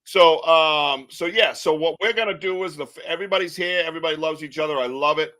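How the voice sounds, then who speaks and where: A male podcast host rambling through casual live banter and cracking jokes. His voice sits a touch high and sounds sharp and bright. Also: quick pace. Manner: rambling, joking, laughs often.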